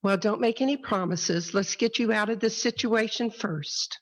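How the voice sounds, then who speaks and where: A woman voicing a calm male divine voice that gives short, measured answers. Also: medium pitch, muffled recording, natural voice.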